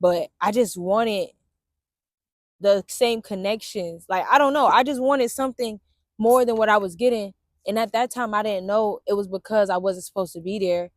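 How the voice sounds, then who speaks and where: A woman's voice: mid-range voice, normal speed, a little mellow, no echo, clean studio sound. Candid, slangy woman talking outdoors. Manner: candid, slangy and profane, addresses viewers as y'all. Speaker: vlogger and Navy veteran. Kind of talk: casual reflective storytelling. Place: outdoors in the sun and wind.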